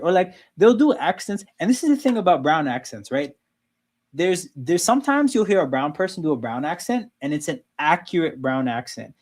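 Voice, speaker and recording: A man's voice: fairly high pitch, very animated, normal speed, a little mellow. A man hosting a casual sports watchalong livestream, talking loosely and filling his talk with "like" and "right?". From Canada. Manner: loose, conversational, frequent "like" and "right?". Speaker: livestream host.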